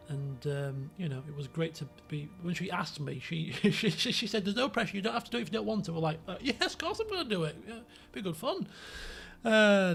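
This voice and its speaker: Yorkshire guy rambling on stream, lots of ums, bit gravelly. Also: high voice. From Yorkshire, England. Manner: rambling, many fillers and restarts. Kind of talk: casual chat.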